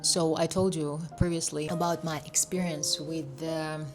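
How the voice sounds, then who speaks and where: A woman's voice: sits low, a little slow, over loud music. Chatty woman vlogger telling a travel story. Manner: animated, acts out voices of people she met. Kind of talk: casual storytelling vlog.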